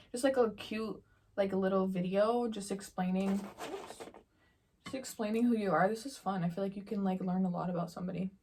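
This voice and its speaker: A young woman talking casually to her camera while she eats. She tells stories in a relaxed, slangy way, full of fillers, at a mid pitch. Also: breathy edge. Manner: chatty slangy storytelling while eating. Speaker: vlogger. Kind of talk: casual mukbang Q&A chat.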